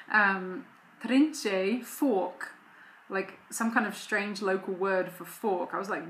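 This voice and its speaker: A woman's voice: mid-range voice, takes it slowly, a bit bright, reverberant. A woman, a mother and vlogger, chatting casually to camera at home in a rambling way. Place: home room.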